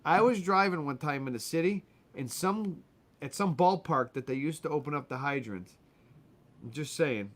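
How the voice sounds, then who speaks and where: A man's voice: on the high side, lively intonation, normal speed. A man co-hosting a casual comedy chat show, joking and teasing his partner. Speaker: co-host.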